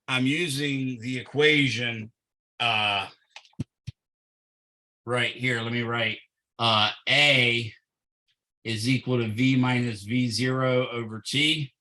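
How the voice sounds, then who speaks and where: A man's voice: mid-range voice, steady tone, slow, bright, forceful tone, poor audio. A man tutoring physics, working through a problem step by step and thinking aloud with fillers.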